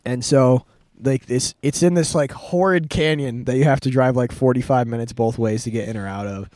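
A man's voice: mid-range voice, normal speed, darkish tone, dry recording, clean studio sound. Rambling young man telling a story. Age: 20s. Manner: rambling, lots of fillers and restarts, laughs often. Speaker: podcast host. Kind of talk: casual storytelling chat.

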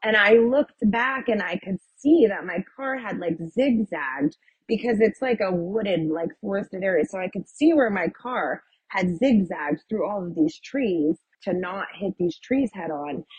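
A woman's voice: mid-range voice, animated, measured pace, husky, no room sound, rough recording. A woman guest telling her personal testimony in a vivid retelling full of "like" and "um". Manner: vivid retelling, with many "like" and "um" fillers.

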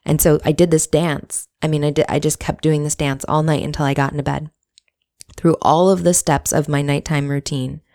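A woman's voice: low voice, a little mellow. A woman candidly telling a personal story in a reflective, casual monologue, swearing now and then.

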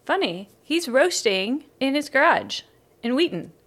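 A woman with a slightly high voice co-hosts a casual chat podcast. She tells a rambling story, keeps breaking into giggles and restarts her sentences often. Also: sing-song, unhurried, fairly bright tone. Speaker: podcast co-host.

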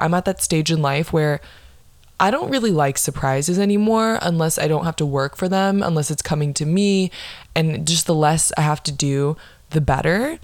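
Woman, young adult, low voice, dry close sound, blunt, exasperated, profane storytelling. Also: no room sound. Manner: blunt, exasperated, swears constantly. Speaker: podcast host. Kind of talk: profane comedic storytelling monologue.

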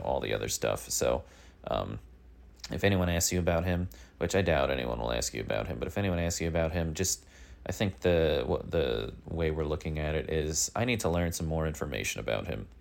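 A man hosting a daily news show, rambling through a comic monologue in a deadpan way with many fillers. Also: rumbling low, vocal fry. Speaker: daily news podcast host.

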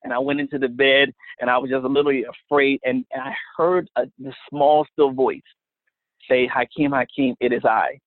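A man's voice: mid-range voice, little pitch movement, moderate pace, dry recording. A man telling a personal faith testimony as a guest, earnest and storytelling, often repeating words. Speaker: guest minister. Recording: phone-line sound, dry.

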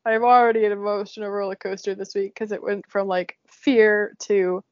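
A woman's voice: mid-range voice, level tone, normal speed, dry recording. Chatty young woman, lo-fi dry sound. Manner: chatty, laughs often, emotional. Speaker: podcast host. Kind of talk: casual chat. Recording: dull lo-fi sound.

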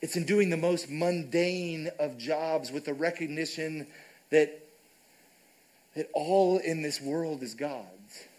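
A man's voice: on the high side, slow pace, darkish tone, rough recording. A man preaching a sermon in a church, conversational and casual, often checking in with the congregation. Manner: conversational, frequent "right?" asides. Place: church sanctuary.

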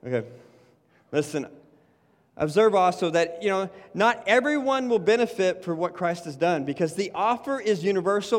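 High-voiced pastor in a reverberant church. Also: male voice. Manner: conversational, repeats words, says "you know" and "right" often. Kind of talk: sermon. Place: church sanctuary.

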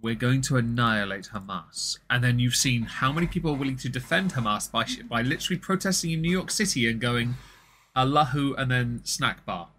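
A man's voice: mid-range voice, expressive, quick pace, hardly any pauses, bright, forceful tone, a little hiss or hum. A man, co-hosting a casual political chat in a blunt, profane, rambling way. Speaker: streamer and co-host.

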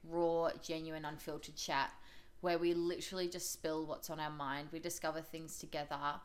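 A young woman co-hosting a casual podcast, chatty and quick to laugh. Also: low-pitched, flat delivery. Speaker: podcast co-host. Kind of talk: casual chat.

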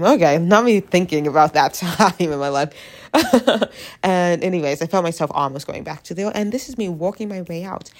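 A young adult woman vlogger with a low voice and vocal fry chats casually through a stuffy head cold. Her confessional talk rambles, with self-deprecating jokes throughout.

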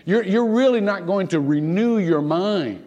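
A man preaching a sermon in a casual, animated way, laughing often and restarting his sentences. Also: high-pitched, measured pace, dull audio. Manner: animated and conversational, with many restarts and chuckles. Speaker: pastor. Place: church sanctuary. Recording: long church hall reverb.

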